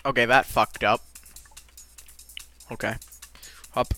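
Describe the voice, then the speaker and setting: A let's play gamer giving live commentary who rages and swears, with sudden yells between low muttering. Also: big pitch swings, moderate pace, pauses often, clear, resonant tone, no room sound. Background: faint game music.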